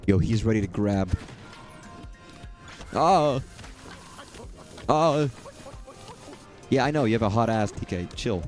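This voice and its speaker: A man's voice: fairly low pitch, lively intonation, takes it slowly, long pauses, a little mellow. Profane, rambling young male game streamer. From southern US. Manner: rambling, profane, jokey asides. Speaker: gaming streamer. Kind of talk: casual let's-play commentary. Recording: faint game music behind.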